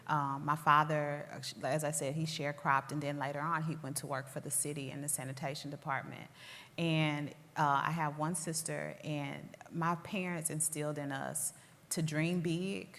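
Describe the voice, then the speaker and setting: Southern woman, 40s, low voice, earnest and measured, echoey hall sound. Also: a bit bright. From Tennessee, US. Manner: earnest, proud, measured storytelling. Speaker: school superintendent. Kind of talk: interview conversation. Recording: long hall reverb.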